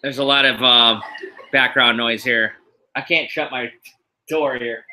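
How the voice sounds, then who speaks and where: A low-quality recording with slight background noise features a middle-aged East Coast American hosting a wrestling podcast via live stream from a home room. His mid-range voice is steady, unhurried, pushed and bright, and he rambles casually with many fillers, sounding tired but upbeat.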